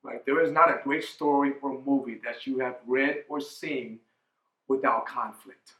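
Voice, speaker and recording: A man's voice: medium pitch, steady tone, measured pace, a bit bright, roomy sound, muffled recording. A man in his forties giving a motivational keynote talk as a coach, emphatic, often asking "right?". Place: conference hall.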